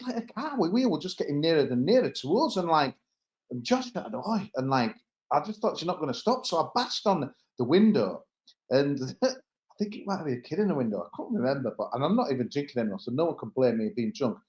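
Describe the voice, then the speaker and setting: Lively, rambling East Midlands man. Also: fairly high pitch, fast talker, reverberant. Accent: English East Midlands. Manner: rambling storytelling with laughs. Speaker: pod regular. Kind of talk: casual podcast chat.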